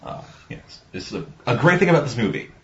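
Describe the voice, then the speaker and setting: A man's voice: medium pitch, very animated, quick pace. A man chatting casually about a movie, rambling, swearing often and acting out lines from scenes. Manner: rambling, swears a lot, acts out quotes. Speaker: podcast co-host. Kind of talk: casual movie review chat. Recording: dull lo-fi sound.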